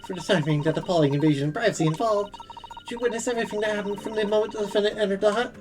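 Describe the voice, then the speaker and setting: A streamer voicing a stern older male judge who speaks formally and deliberately, while reading a game's dialogue live. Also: medium pitch, music in the background, close to an everyday voice. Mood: solemn.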